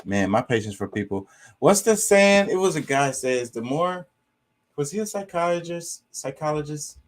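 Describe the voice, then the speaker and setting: A man's voice: fairly high pitch, animated, normal speed. A man reading viewer comments aloud and reacting to them in blunt, profane casual chat aimed straight at his audience. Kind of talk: casual live-stream commentary.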